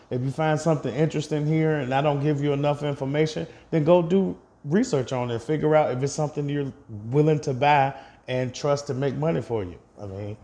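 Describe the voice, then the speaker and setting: A man's voice: a little high, dark tone. Chatty man giving a casual portfolio update. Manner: chatty, addresses viewers directly, laughs at own slips. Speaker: investing vlogger.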